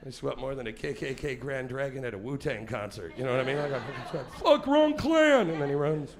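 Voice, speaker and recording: A man's voice: medium pitch, fairly even intonation, fast talker. A forty-year-old man doing a profane, crowd-baiting stand-up set on a club stage, sweating as he talks. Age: 40s. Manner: profane and confrontational, teasing the crowd. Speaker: stand-up comedian. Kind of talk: live stand-up comedy set.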